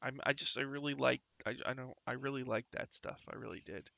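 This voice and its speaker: A man's voice: mid-range voice, fairly even intonation, fairly quick, creaky, bright, forceful tone, no echo. A man hosting a livestream talk show, chatting casually and rambling, with lots of fillers and restarts, sometimes reading viewer comments aloud. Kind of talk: casual chat.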